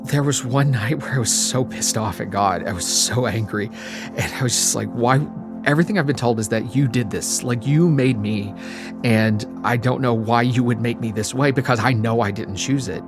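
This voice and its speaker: A young adult man, interviewed, reflecting on his life in a quiet, emotional way. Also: medium pitch, moderate pace, music in the background. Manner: reflective, quietly emotional, sometimes trails to a whisper. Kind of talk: personal storytelling.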